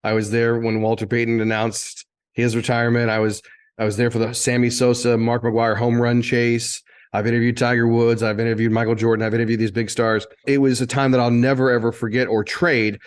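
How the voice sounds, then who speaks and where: A man in his fifties, originally from Indiana, sits as a guest and spins loose, animated anecdotes from his years as a TV reporter. His voice sits at an ordinary middle pitch, and he often circles back and restarts mid-sentence as he builds a story. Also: brisk, smooth. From Indiana, USA. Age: 50s. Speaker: guest, former TV sports and entertainment reporter. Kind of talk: casual interview storytelling.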